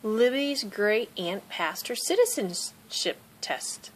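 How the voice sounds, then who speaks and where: A woman's voice: mid-range voice, big pitch swings, slow, slight background noise. Woman reading as a patient schoolteacher. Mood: pleased. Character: kind grown woman schoolteacher explaining patiently.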